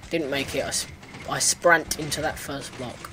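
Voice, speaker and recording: A man's voice: medium pitch, steady tone, moderate pace, a bit bright, a little hiss or hum. A man giving casual commentary while playing a parkour game, talking to himself with sudden frustrated outbursts. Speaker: gaming let's player.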